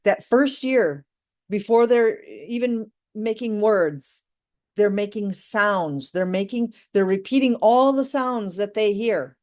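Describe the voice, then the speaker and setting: Slow-paced woman English teacher. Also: medium pitch, darkish tone. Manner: slow, deliberate, encouraging delivery. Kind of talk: online English lesson. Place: live online class.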